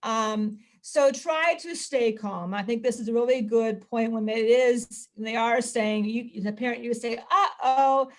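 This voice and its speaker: A woman parent educator explaining discipline steps to families in a calm way, with many ums and restarts. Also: fairly high pitch, moderate pace, few pauses. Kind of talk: casual presentation.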